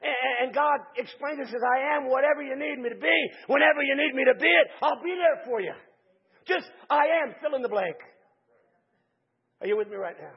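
A man preaching a sermon, calling out to the congregation and building to shouted climaxes. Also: extremely high pitch, brisk, dull audio.

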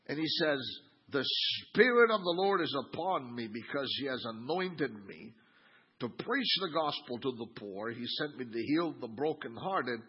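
Animated husky male preacher. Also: fairly high pitch, muffled recording. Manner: animated, mimics the crowd's sneering tone. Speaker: pastor. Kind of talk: sermon.

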